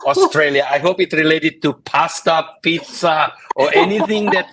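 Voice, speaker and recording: A man's voice: a little high, normal speed, fairly bright tone, slight background noise, low-quality recording. A man co-hosting an interview, jokey and prone to cutting in, speaking loosely and informally. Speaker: co-host. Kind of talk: casual interview chat.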